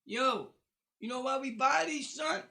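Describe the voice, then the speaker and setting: A middle-aged man with a New York accent, ranting casually to his viewers, loud one moment and low the next. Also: unhurried, creaky, a little hiss or hum. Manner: loud, shifting between shouting and low talk. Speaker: vlogger. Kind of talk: casual rant to camera.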